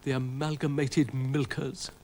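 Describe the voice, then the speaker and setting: A man voicing a genteel, fussy female cow with a high, fluting, affected way of talking. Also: level tone, measured pace, darkish tone, a little hiss or hum, natural voice.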